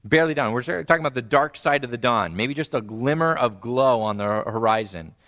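A male pastor delivers a sermon at a middle pitch. He tells the story with animation, jumping high in pitch when he acts out quoted voices and dropping low and quiet when he repeats key phrases. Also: a little fast.

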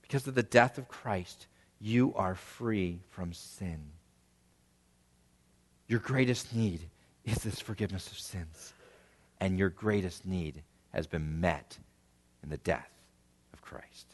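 A man in his thirties preaching a sermon, swelling to emphatic peaks and dropping to hushed, quiet phrase endings. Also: sits low, slow, long pauses, big-room sound. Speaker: pastor.

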